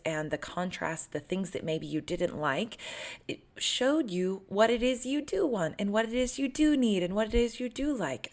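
A young woman coaching viewers on manifesting love, chatty and earnest with plenty of fillers. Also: fairly low pitch. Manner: chatty and earnest, with many fillers and little laughs. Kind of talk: casual talk to camera.

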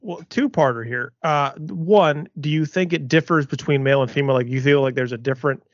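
A man hosts a casual podcast, firing off blunt, joking questions in a mid-pitched voice. His sound is dry and slightly dull. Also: fairly quick, no echo. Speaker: podcast host.

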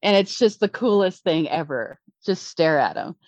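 Excitable middle-aged woman telling a rambling story. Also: on the low side, moderate pace, dry recording. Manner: rambling, excitable, many restarts. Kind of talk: casual storytelling. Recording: dull lo-fi dry recording.

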